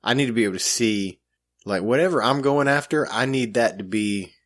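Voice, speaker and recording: A man's voice: medium pitch, fairly quick, a bit bright. A man co-hosting a podcast, telling a self-mocking story in casual chat with lots of fillers. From grew up in the country. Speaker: podcast co-host.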